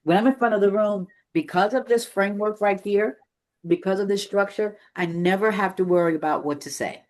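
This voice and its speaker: Presenter type: energetic speaking coach, mid-pitched, emphatic, working a live meeting room. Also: a little fast. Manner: energetic, emphatic, varies pace for demonstration.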